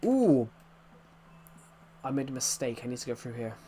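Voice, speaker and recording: A young Englishman with an English accent talks casually while he streams a game. His voice sits at an ordinary middle pitch. He rambles along, repeats phrases and restarts sentences as he goes. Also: sing-song, moderate pace, dark tone, a little hiss or hum. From England.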